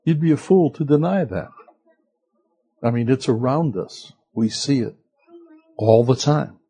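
A man's voice: medium pitch, a little slow, dark tone, husky. A man preaching a conversational sermon as pastor, asking the listeners rhetorical questions.

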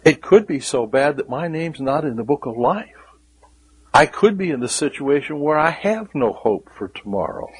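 A man preaching a sermon, earnest, repeating key words and dropping to a hushed voice when quoting scripture. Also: fairly high pitch, sing-song, moderate pace, breathy edge, rough recording.

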